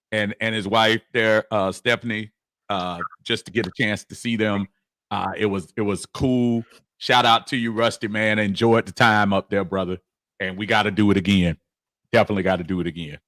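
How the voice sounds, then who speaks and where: A man's voice: fairly low pitch, fairly bright tone, no echo. A man co-hosting a casual sports podcast, friendly, calling listeners brother and man. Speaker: co-host.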